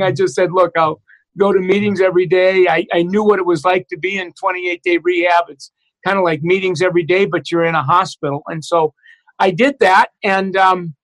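A middle-aged man candidly telling a personal story as an interview guest, halting often with restarts and fillers. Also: high voice, fairly bright tone, low-quality recording.

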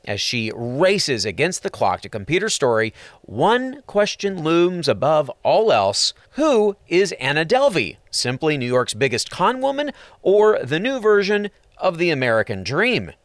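Upbeat male host for a streaming-picks segment; animated, dry voice-over. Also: a little high, a little slow, dry recording. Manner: upbeat, playful presenter delivery. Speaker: entertainment show host. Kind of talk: scripted entertainment narration with puns.

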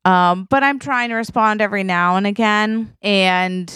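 A woman co-hosting a comedy podcast, telling an improvised story and acting out the quoted dialogue in quick turns. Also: mid-range voice, a bit bright, clean tone, no echo, studio quality. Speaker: podcast co-host.

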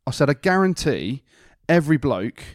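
A man's voice: a little high, sing-song, normal speed, dry recording, clean studio sound. A man co-hosting a podcast in casual chat, telling cheeky anecdotes with animation. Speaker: podcast co-host.

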